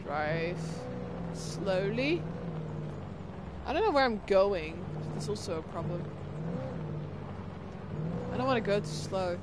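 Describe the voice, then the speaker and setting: A young woman streaming a game, chatting casually with viewers, tired and yawning, with excited bursts of greeting. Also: medium pitch, takes it slowly, long pauses, very noisy. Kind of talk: casual live-stream chat.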